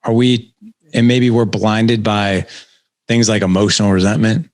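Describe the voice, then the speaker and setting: A man's voice: fairly low pitch, fairly even intonation, a little slow, no room sound. A man hosting a podcast interview, asking casual, self-deprecating questions. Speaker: podcast host.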